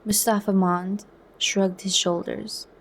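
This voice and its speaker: A woman narrating a novel in a soft, even ASMR reading. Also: medium pitch, slow. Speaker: book reader.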